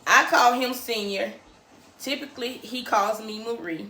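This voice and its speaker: A woman's voice: fairly high pitch, measured pace, sharp tone, reverberant, slight background noise. A woman in her thirties hosting a casual livestream from her living room, chatty and teasing, laughing often. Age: 30s. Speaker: livestream host.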